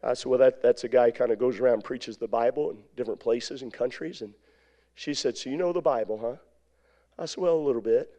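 Preacher man telling a long folksy story, mellow darkish voice, keeps repeating himself. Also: medium pitch, brisk. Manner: folksy, rambling, with repetitions and asides. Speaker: evangelist. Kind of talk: storytelling sermon.

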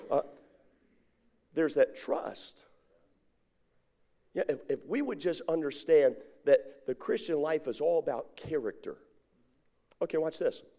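A man's voice: medium pitch, warm tone. A middle-aged man preaching a sermon as pastor, drawing his congregation in with call-and-response questions.

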